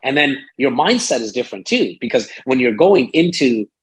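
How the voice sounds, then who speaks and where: A man talking as a guest in a casual interview, rambling and animated, with lots of fillers and acted-out quotes. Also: medium pitch, normal speed, husky, rough recording. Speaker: real estate broker and sales strategist. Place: Toronto, Canada.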